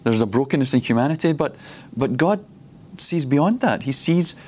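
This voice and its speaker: A man's voice: mid-range voice, lively intonation, moderate pace. A man preaching at a ministry school, personal and reflective, often laughing between points.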